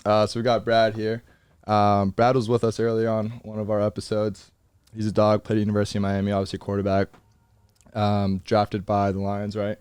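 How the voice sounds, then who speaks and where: A young man in college hosting a podcast, chatting casually with energetic, slangy banter inside a truck. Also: lowish voice, fairly quick, clean tone, no room sound, clean studio sound. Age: young adult. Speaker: podcast host. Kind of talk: casual chat.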